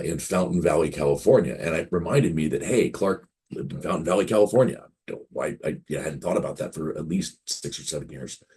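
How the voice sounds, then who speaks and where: A man's voice: very deep voice, darkish tone, husky. A man in his fifties, a game publisher guest on an interview, rambling through anecdotes and acting out quoted dialogue. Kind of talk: casual interview storytelling.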